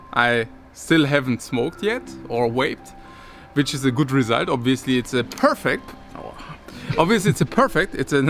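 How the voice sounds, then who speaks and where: A man's voice: mid-range voice, fairly bright tone. A man talking casually to his viewers as a vlogger, rambling and restarting his sentences, with occasional chuckles. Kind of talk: casual talk to camera.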